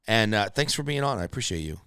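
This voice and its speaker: A man hosting a podcast and chatting casually with a guest, open about his affection and quick to laugh. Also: fairly low pitch, animated, bright, forceful tone, clear, resonant tone, dry recording, clean studio sound. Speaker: podcast host. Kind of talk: casual conversation.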